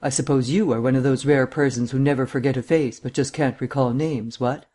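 A man reading an urbane, witty gentleman detective who drawls and lectures in ornate, mocking sentences. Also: medium pitch, steady tone, brisk, natural voice. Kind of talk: audiobook reading.

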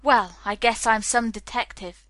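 A woman's voice: on the high side, steady tone, unhurried, fairly bright tone, dry recording. A woman reading the part of a self-assured young man, wry and lightly teasing.

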